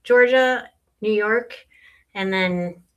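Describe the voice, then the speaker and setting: A middle-aged woman chatting as a podcast guest, easygoing and quick to laugh. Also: mid-range voice, clean tone, highs cut off. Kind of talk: casual chat.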